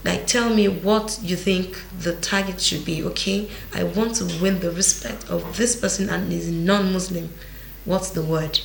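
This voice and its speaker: Female talk show host, lower pitch, measured questioner, faith panel, roomy echo. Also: steady tone, vocal fry. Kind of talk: faith-based panel discussion. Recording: echoey room.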